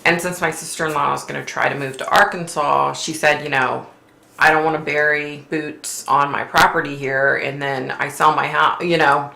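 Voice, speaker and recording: At a moderate pace, she speaks in a low, steady voice with vocal fry, sounding bright and forceful in a roomy space. She's a psychic hosting a casual livestream, chatting away, reading viewer comments aloud, and often saying "like" and "you know."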